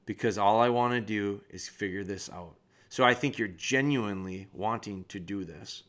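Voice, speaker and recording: A low-pitched man hosts a dog training podcast. He walks through a trainee's video step by step. He speaks straight to the trainee with direct, frank critique. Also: a bit bright. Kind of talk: podcast commentary reviewing a video.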